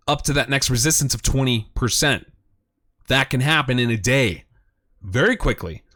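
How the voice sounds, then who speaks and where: A man hosting a crypto chart show, giving excited commentary, hyped and emphatic, repeating phrases and jumping up in pitch when thrilled. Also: no room sound, clean studio sound. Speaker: crypto chart analyst host.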